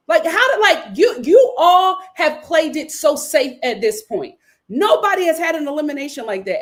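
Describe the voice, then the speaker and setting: Sassy high-voiced woman recapping reality TV. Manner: sassy, emphatic, quotes cast members in voices. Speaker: reality show reviewer. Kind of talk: live recap commentary.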